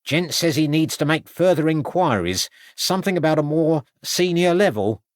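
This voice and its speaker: A man's voice: a little high, lively intonation, moderate pace, no echo, clean studio sound, voice pushed up, close to an everyday voice. A man voicing a small, meek, nervous lodging-house owner who placates his wife.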